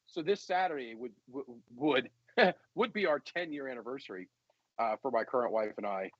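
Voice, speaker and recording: A man's voice: medium pitch, animated, moderate pace, no echo. Chatty podcast man, slightly dull sound. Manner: rambling, storytelling, laughs a lot. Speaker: podcast co-host. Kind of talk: casual banter.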